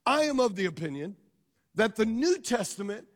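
A man's voice: sits high, sing-song, normal speed. A male pastor preaching a sermon, emphatic and calling out questions to his congregation. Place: church sanctuary. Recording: long reverb of a large hall.

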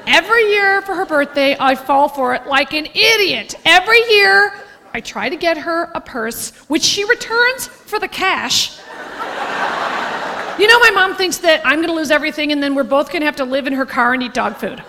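A woman doing stand-up comedy, telling a story in a brash, profane, animated way. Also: sits high, moderate pace. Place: stage in a large hall. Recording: reverberant hall, audience noise.

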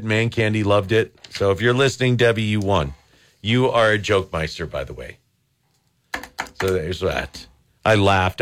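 Lively male radio host, animated delivery. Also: on the low side, a little hiss or hum. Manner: laughs easily, reads jokes and trivia aloud with asides. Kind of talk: casual radio call-in chat.

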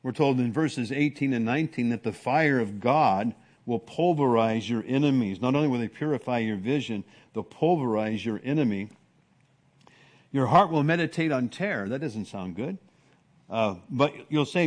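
A man preaching an expository sermon in a conversational way, often restarting words and acting out hushed exclamations of awe. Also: mid-range voice, animated, normal speed.

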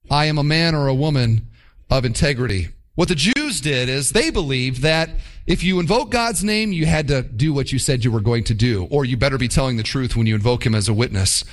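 A man preaching from the pulpit in a voice pitched slightly above the usual male range. His delivery rises and falls widely in pitch. He slips into playful mock quotes to make his points. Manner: animated, mock-quoting with playful asides. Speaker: pastor. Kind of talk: sermon.

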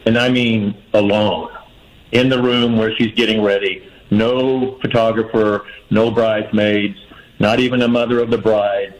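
A man's voice: lowish voice, flat delivery, a little slow, poor audio. A man phoning in to a radio show, offering friendly, earnest advice and repeating his main point. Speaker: caller. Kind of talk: phone-in advice.

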